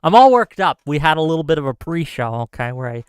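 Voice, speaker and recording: A man's voice: fairly high pitch, very animated, quick pace, smooth, no echo, clean studio sound. A man hosting a live call-in show, heated and argumentative, ranting at length.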